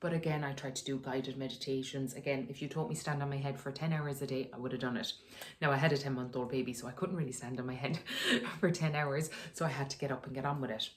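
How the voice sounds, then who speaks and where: A woman's voice: very deep voice, fairly even intonation, fast talker. A woman in her sitting room at home, giving frank, conversational advice and laughing often as she talks. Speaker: wellness vlogger. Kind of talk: candid personal advice talk.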